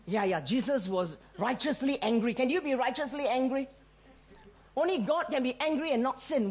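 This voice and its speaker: A middle-aged woman preaching in a fairly high voice. She tells her stories with animation, slips into the voices of the people she quotes and laughs often. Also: a little mellow, husky. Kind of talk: sermon.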